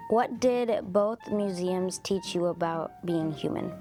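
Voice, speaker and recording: Slow, deliberate woman interviewer. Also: on the low side, warm tone, soft background music. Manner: measured, deliberate questioning. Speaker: podcast co-host, interviewer. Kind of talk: reading interview questions.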